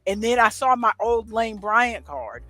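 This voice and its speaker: A woman's voice: a little high, animated, unhurried, a bit bright, no echo, faint music behind. A middle-aged woman co-hosting a casual chat, telling a story with chatty asides. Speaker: co-host.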